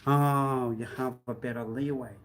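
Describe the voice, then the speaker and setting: A man on a live stream delivering a rambling, accusatory monologue, swinging between loud outbursts and low muttering. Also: fairly even intonation, normal speed, slight background noise. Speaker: livestreamer.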